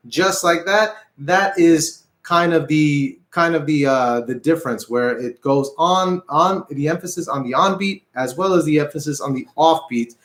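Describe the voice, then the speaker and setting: A man's voice: a little high, a bit bright, reverberant. A man teaching an online guitar lesson, patient and repetitive, counting beats aloud as he explains. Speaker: music teacher. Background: guitar playing.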